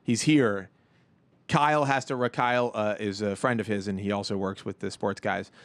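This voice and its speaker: A man's voice: lowish voice, fairly even intonation, moderate pace, dry recording. A man hosting a podcast in a studio, talking casually, rambling and joking, laughing often. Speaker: podcast host. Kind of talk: casual chat. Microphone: studio mic on a boom arm.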